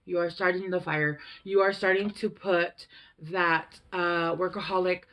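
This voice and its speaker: A woman's voice: fairly low pitch, steady tone, measured pace, dull audio. A young woman giving a casual tarot reading, rambling and chatty and swearing freely. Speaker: tarot reader.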